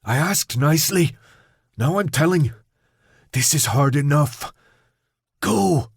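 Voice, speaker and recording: A man voicing a desperate young man who is losing control, strained and pleading as he shouts orders. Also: fairly high pitch, animated, slow, vocal fry, slightly rough, no echo, studio quality, voice pushed up, exaggerated voice. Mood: anguished.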